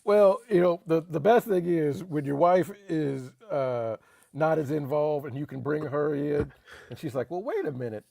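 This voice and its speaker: A man co-hosting a casual sports talk show, talking in an animated, emphatic way with laughs and repeated phrases. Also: a little high, unhurried, creaky. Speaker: podcast co-host.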